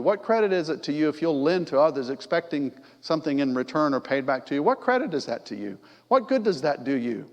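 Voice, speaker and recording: A middle-aged man delivers a sermon in a conversational way, often turning to the congregation with questions. His voice sits a little high for a man. The sound carries a long reverb from the church sanctuary. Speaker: preacher.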